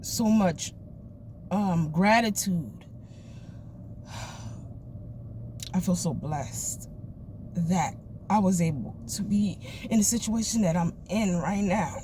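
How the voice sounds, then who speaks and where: A woman's voice: on the low side, slow pace, long pauses, warm tone, slight background noise. Emotional woman venting in her car. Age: adult mother of children. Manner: candid, emotional, swears freely. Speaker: vlogger. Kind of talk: emotional personal vlog. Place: parked car.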